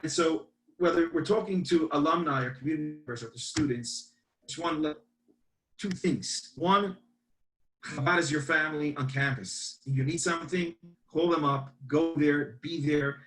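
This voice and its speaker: Animated rabbi. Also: male voice, a little high, moderate pace, rough recording. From Brooklyn, New York. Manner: animated, acts out dialogue. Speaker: campus rabbi. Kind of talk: storytelling in a webinar.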